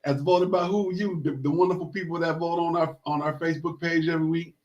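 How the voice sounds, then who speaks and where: A man hosting a casual sports talk show, giving rambling shout-outs and leading the discussion with frequent restarts. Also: a little high, steady tone, quick pace, lo-fi sound. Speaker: host.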